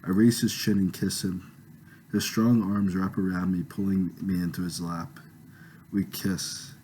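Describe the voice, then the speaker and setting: A man's voice: low voice, level tone, unhurried, mellow, slight background noise, rough recording. A man reading his own novel aloud with a home microphone, casual and self-conscious in his asides. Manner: laughs off awkward passages, casual.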